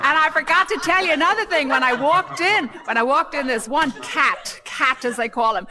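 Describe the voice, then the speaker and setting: High-voiced middle-aged woman doing stand-up. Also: moderate pace, sharp tone. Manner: brassy storytelling with punchline timing. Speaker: stand-up comedian. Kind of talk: stand-up monologue before a live audience. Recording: 1960 comedy album recording. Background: audience laughter.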